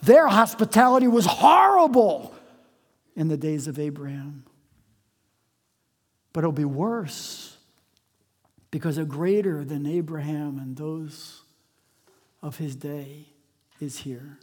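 A preacher delivering a sermon, swinging between loud emphatic lines and hushed low drops, stretching words for emphasis. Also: steady tone, slow, pauses often, slightly rough. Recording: long hall reverb.

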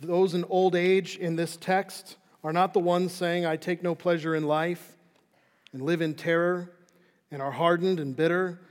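A man preaching a sermon as pastor, earnest and emphatic, sometimes dropping to a soft, hushed close. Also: high-pitched, flat delivery, unhurried, long reverb tail.

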